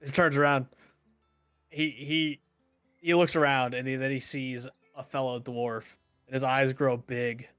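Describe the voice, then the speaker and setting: Halting male game master narrating a scene. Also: medium pitch, little pitch movement, a bit bright, clean tone, no room sound, soft background music. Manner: halting, many ums and restarts; refuses to do character voices.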